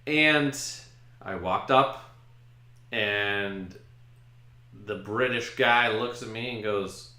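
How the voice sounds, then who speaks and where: A man's voice: lowish voice, very slow, pauses often. Self-mocking man telling a story. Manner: self-mocking, animated retelling. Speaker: podcast host. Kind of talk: casual storytelling. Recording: roomy echo.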